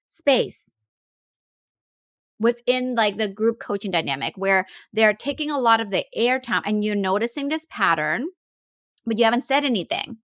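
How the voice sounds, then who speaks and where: A woman's voice: fairly high pitch, a bit bright, no room sound, studio quality. A woman life coach speaking in a casual, reflective way, with frequent fillers and restarts as she thinks aloud. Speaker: life coach, podcast host.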